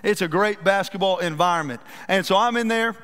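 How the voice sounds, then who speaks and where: Pastor, male. High voice, folksy and animated sermon storytelling, reverberant church hall. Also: brisk. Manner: folksy, animated storytelling with self-deprecating humor. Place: church sanctuary.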